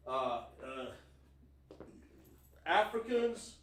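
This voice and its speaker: A high-pitched man leads a livestreamed scripture class. He speaks emphatically and keeps quizzing his online audience. His voice sounds roomy and picked up from some distance. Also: sing-song, drawn-out words, fairly bright tone. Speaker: teacher.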